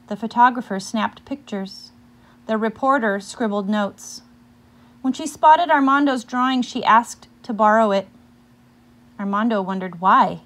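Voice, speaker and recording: Woman reading a kids picture book out loud, slow and careful, higher voice, stops to ask questions. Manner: pauses to ask listeners questions about the story. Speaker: storyteller.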